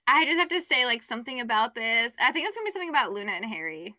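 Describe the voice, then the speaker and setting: A woman's voice: a little high, very animated, rapid-fire, sharp tone, no echo, studio quality. A young woman co-hosting a podcast in casual chat, retelling a story with lots of "like" and acting out the characters' lines. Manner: chatty, says "like" a lot, acts out characters' lines. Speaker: podcast co-host.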